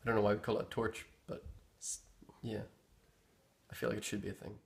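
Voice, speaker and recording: Young man, Northern Irish accent, lowish voice, relaxed rambling explanations. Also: a little fast, vocal fry. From Northern Ireland. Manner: rambling and easygoing, searching for words. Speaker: interviewee explaining local slang. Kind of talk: casual explanation.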